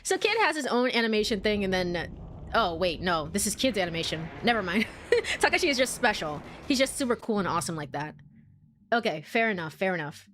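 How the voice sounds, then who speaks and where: A woman's voice: medium pitch, big pitch swings, a little fast, fairly bright tone, slight background noise. A young woman streaming a game, chatting casually and laughing often. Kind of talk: casual gameplay commentary.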